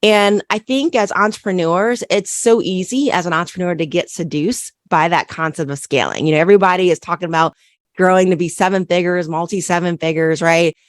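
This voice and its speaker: A woman's voice: lowish voice, a little fast, no room sound, clean studio sound. A woman accountant hosting a solo business podcast, coaching listeners and repeating key questions with frequent "right?" checks.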